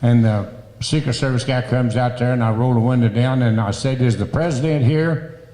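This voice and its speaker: A man with a dark, mellow voice spins a folksy, rambling cowboy yarn, acting out the quoted lines. His voice carries a long reverb, as if he is in a roomy hall. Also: mid-range voice, steady tone, a little fast. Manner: folksy, rambling storyteller who acts out quotes. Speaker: interviewee, rodeo cowboy. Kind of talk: casual anecdote telling.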